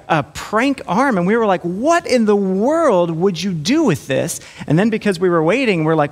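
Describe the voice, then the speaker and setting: Middle-aged guy pastor telling a funny story in a sermon, kinda high voice, does little voices for the kids. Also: long reverb tail. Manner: lively storytelling, acts out voices of kids and mom.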